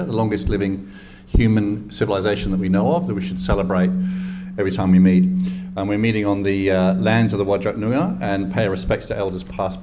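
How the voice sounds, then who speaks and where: A man in his sixties from England, with a West Country English accent, gives a chatty, enthusiastic, self-deprecating talk to a live event audience as an ecosystem engagement lead. His voice is fairly low, against a noisy background.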